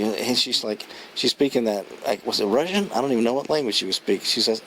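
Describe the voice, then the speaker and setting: A man's voice: medium pitch, a little fast, few pauses, fairly bright tone, slight background noise, poor audio. A man giving a casual, rambling spoken film review, chuckling as he retells scenes. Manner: rambling, chatty, many restarts and fillers.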